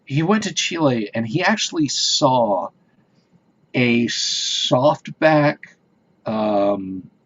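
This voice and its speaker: A man's voice: medium pitch, breathy edge. A man hosting a casual livestream, chatting with viewers in a rambling, hesitant way with many fillers and restarts. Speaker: livestream host. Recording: dull lo-fi stream audio.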